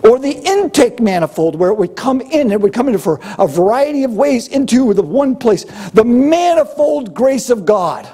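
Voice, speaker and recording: Older male pastor, high husky voice, lively delivery. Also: normal speed, hardly any pauses. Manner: animated, acts out grumbling voices with humor. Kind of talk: sermon.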